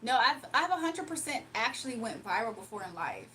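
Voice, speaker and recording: A woman's voice: fairly high pitch, very animated, fairly quick, pushed and bright, a little hiss or hum. A young woman livestreamer chatting casually and reading her chat aloud, sarcastic and playful, laughing often.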